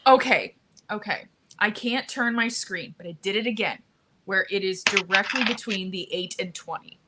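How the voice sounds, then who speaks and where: A woman's voice: mid-range voice, moderate pace, very noisy. A woman playing a tabletop game, chatting in a playful, wry way. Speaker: player. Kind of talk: casual chat during a tabletop game.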